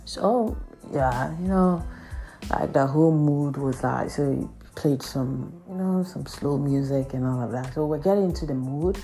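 Low-voiced woman telling a story. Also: unhurried, soft background music. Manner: animated, raises pitch sharply for quoted voices, heavy "like" and "man". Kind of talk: casual storytime monologue.

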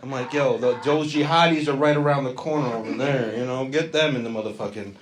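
A man's voice: mid-range voice, brisk, background noise. A man doing profane, brash crowd-work stand-up comedy on stage. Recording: live club audience. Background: crowd laughter.

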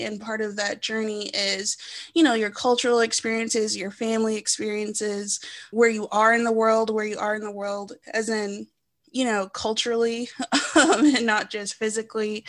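A woman's voice: fairly high pitch, fairly bright tone. A woman hosting a podcast, talking in a reflective, conversational way with many fillers. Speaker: podcast host. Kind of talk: casual podcast chat.

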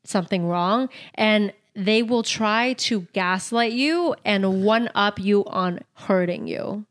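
A woman's voice: mid-range voice, slow pace. A young woman co-hosting a podcast in casual chat, blunt and giggly, swearing freely. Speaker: podcast co-host.

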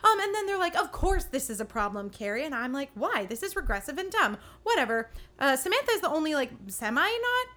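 A young woman hosts a casual recap podcast, her voice high and bright. She talks in a chatty, sarcastic way, dropping quick playful impressions of characters. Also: big pitch swings. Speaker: podcast host recapping episodes.

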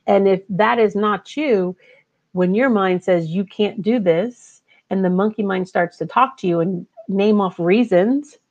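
A woman life coach speaks in an earnest, conversational way, now and then acting out the voice in her head. Her voice carries a gravelly fry at a middling pitch. The recording sounds dull and lo-fi. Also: unhurried, darkish tone. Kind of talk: casual motivational talk.

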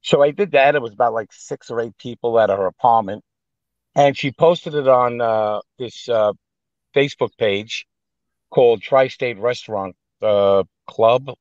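A guest who is an actor and private chef tells stories casually in a New York accent, blunt, profane, and animated. His voice is mid-range and measured in pace, recorded lo-fi with no room sound.

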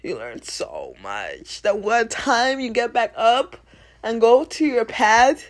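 Blunt, high-voiced woman podcast host. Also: slow. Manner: blunt and profane, animated, laughing. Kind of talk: motivational rant.

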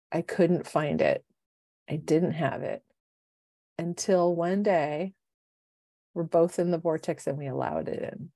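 A woman in her fifties, co-hosting a podcast as a life coach, telling stories with lively quoted voices. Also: fairly low pitch, dry recording. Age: 50s. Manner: animated storyteller, acts out quoted voices. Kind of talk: casual chat. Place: home, city.

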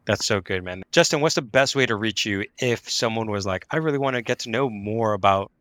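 A man's voice: on the low side, fairly quick, a bit bright, no echo. A man hosting a podcast, upbeat and affirming, chatting casually and telling stories. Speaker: podcast host. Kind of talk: casual conversational interview.

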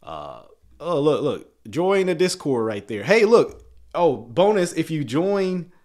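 A man's voice: fairly high pitch, very animated, takes it slowly, darkish tone. A man in his thirties hosting a casual livestream, chatty and rambling, often restarting his words and laughing. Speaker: YouTube channel host.

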